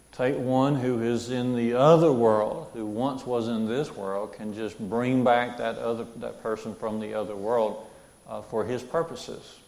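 Slow, gravelly-voiced man teaching scripture. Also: medium pitch, a little mellow, echoey room. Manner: earnest, repeats phrases, asks the listeners questions. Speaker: Bible teacher. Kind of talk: verse-by-verse Bible teaching.

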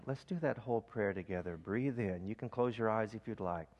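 A man preaching a sermon and leading a slow breath prayer, repeating scripture lines in a hushed voice. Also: on the low side, highs cut off. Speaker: pastor. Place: church sanctuary. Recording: long church reverb.

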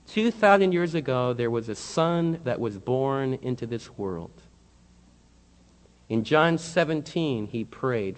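A male pastor preaching a sermon in a church with impassioned delivery that swings between quiet and loud. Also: on the high side, lively intonation, unhurried. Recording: long hall reverb.

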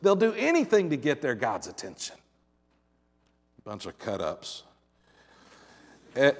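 A man preaching a sermon with scripture reading, dramatic, swinging from loud emphasis to quiet asides with wry humor. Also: mid-range voice, animated, moderate pace. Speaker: pastor. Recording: long reverb of a large hall.

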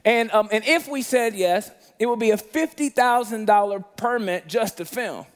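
A man preaching as a guest pastor, telling a funny story in a lively way and acting out the people in it. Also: normal speed. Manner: animated, acts out quoted voices with big pitch jumps. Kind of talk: storytelling sermon.

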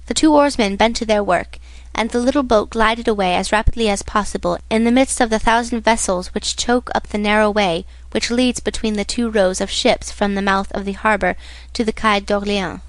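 A woman reading a classic novel aloud as audiobook narrator, in measured scripted narration. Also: medium pitch, fairly even intonation, dry recording.

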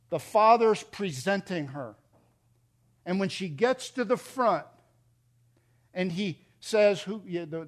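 A middle-aged male pastor preaching a sermon in a fairly high, expressive voice. He swings between loud emphatic lines and quiet, low asides. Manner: expressive preaching, voice rising and dropping.

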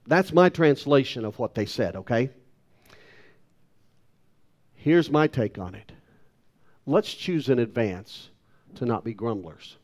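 Man, pastor, sermon, emphatic, rhetorical questions, mid-pitched voice. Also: lively intonation, slow, long pauses.

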